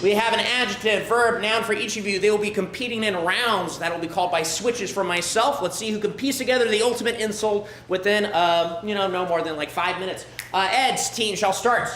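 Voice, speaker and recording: A man hosting a live improv comedy show on a theatre stage, warming up the crowd with upbeat, loud calls into a handheld mic. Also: sits high, fairly quick, hardly any pauses. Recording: echoey room, noisy audience.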